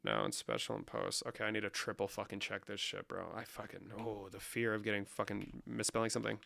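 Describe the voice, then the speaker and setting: Gravelly, bright-voiced man ranting profanely. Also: on the low side, quick pace. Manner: profane, rambling, mock-serious banter. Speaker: comedic creator. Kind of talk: comedic screen-share vlog.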